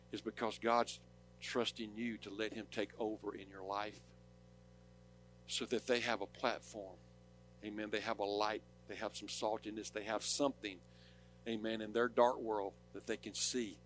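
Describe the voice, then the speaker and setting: A man with a Southern accent preaching a sermon, rising to loud, urgent declarations and dropping to quiet storytelling. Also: fairly low pitch. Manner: impassioned, swings from loud preaching to soft storytelling. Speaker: pastor.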